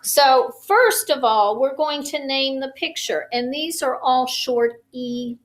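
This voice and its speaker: A woman teacher at home gives a slow, patient lesson to young children over a phone camera, drawing out each phonics sound. Her voice sits high, and the audio quality is poor.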